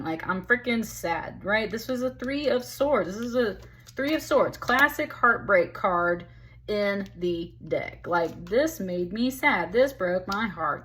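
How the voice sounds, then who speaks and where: A woman's voice: medium pitch, animated, slow pace, a bit bright. A woman giving a casual, chatty tarot reading, talking straight to the listener and calling them honey. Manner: chatty, emphatic, calls the listener honey and baby. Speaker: tarot reader.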